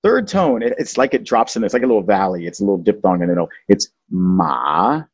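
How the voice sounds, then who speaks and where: A low-voiced man with a husky edge talks casually, playfully teaching as a show host. The recording is dry and somewhat dull. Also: very animated, rapid-fire, darkish tone, no echo. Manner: playful, teaching, sings out tones. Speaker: podcast host. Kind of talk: casual chat, explaining language.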